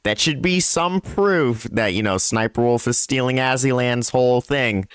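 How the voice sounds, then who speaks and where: A man's voice: mid-range voice, unhurried, a bit bright, smooth, dry recording, clean studio sound. A young man hosting a YouTube commentary video, speaking bluntly and with scorn. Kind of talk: scripted drama commentary.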